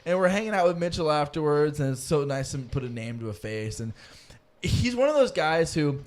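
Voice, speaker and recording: A young male podcast host with a slightly raised pitch. He tells rambling, lively stories between friends and swears freely. It is a relaxed, casual chat. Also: brisk.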